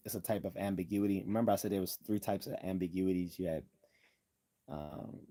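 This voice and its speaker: A man's voice: low-pitched, dark tone. A man hosting a casual livestream lecture on logical fallacies, with sardonic asides and frequent ums. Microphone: desktop computer mic.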